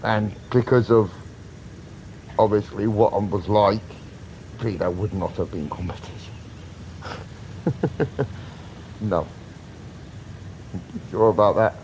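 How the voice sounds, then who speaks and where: A man's voice: on the low side, takes it slowly, long pauses, a little mellow, slight background noise, rough recording. A British man in his thirties rambling earnestly in a casual live-stream chat, swearing often. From Britain.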